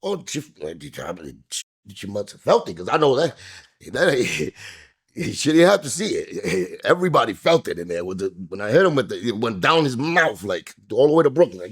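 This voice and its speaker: Husky New man telling a story. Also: sing-song, moderate pace. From New York. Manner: acts out quoted voices, jumping high and loud. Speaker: interview guest. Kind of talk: animated storytelling.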